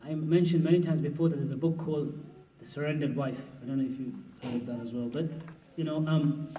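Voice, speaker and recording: A man's voice: a little high, fairly even intonation, a little fast, a little hiss or hum. A man, a mufti, giving a conversational, humorous workshop lecture on marriage, acting out what spouses say. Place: mosque hall at a conference. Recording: roomy hall, distant mic, dull sound.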